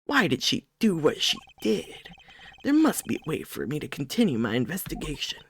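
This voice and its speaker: Casting note: streamer playing a reserved man prosecutor from a game, soft and low, thinking aloud, measured. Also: huge pitch swings, slightly rough, no room sound. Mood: brooding. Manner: quiet, low, measured inner monologue. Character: calm reserved male prosecutor. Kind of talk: reading game dialogue aloud in character.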